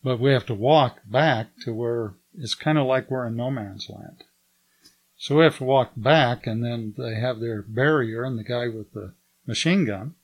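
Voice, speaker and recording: An older man shares a personal testimony as an animated storyteller. He talks at a middle pitch and slips into other people's lines as he recounts events. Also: a little slow, lo-fi sound. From United States. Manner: lively storyteller who acts out the dialogue. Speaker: guest giving a testimony.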